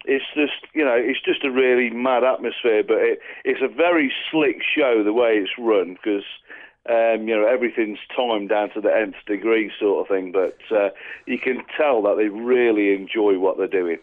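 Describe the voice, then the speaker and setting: A man's voice: fairly low pitch, normal speed. A man calling in as a guest, talking enthusiastically and rambling, with lots of "you know". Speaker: guest on a phone call. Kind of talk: casual chat. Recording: tinny phone line.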